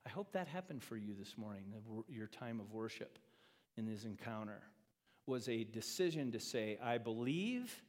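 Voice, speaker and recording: Male pastor, lively sermon delivery that dips soft and rises loud, acts out the quotes; reverberant church room. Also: lowish voice, moderate pace. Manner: animated, acts out quoted speech, swings from loud to quiet. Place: church sanctuary. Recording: long reverb of a church hall.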